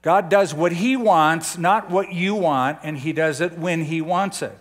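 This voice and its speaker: A man's voice: on the high side, a little slow. An older man preaching a conversational sermon as a pastor, often putting questions to his listeners.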